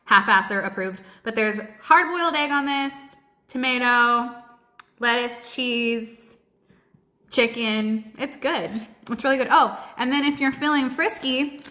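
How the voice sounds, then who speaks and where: A woman with a high, bright, sharp voice chats live from home into her phone. She is blunt, cheerful and swears freely, talking with her mouth full between bites. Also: a little slow. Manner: blunt, cheerful and heavily profane; talks with her mouth full while eating. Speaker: host of a live keto Q&A stream. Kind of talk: casual live-stream chat while eating.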